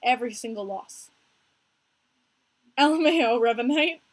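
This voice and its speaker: A young American woman hosting a casual hockey podcast stream, talking in an animated, chatty way and answering viewers by name. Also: a little high, normal speed. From United States. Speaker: podcast host streaming live with chat.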